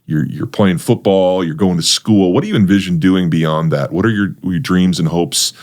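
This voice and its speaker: Deep-voiced middle-aged male host. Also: a little mellow. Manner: halting, lots of fillers. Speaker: host, interviewer. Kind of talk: casual interview.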